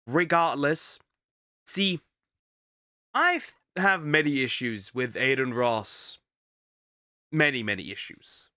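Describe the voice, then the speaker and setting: Bright-voiced sick man rambling in commentary. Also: mid-range voice, animated, takes it slowly, pauses often, no echo. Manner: rambling, repeats words, frequent restarts. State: a little sick. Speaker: vtuber reacting to a video. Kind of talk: casual reaction commentary.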